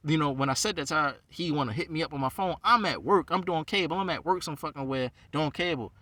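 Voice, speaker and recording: Guy going off in a sweary rant, kinda high sharp voice, sounds a ways off the mic. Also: quick pace, no echo, recorded from a distance. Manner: heated, ranting, heavy swearing. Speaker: rabbi. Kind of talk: profane venting monologue.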